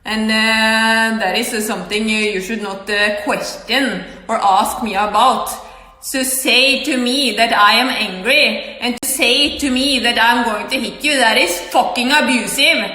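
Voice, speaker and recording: Slow, bright-voiced woman in an echoey room. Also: a little high, fairly even intonation. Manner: halting, many filler words, sudden loud outbursts. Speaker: vlogger. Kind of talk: agitated personal monologue. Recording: echoey room with long reverb.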